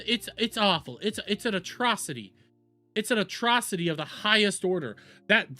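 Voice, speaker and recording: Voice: medium pitch, fairly bright tone. A streamer doing live reaction commentary, profane, sarcastic and mocking.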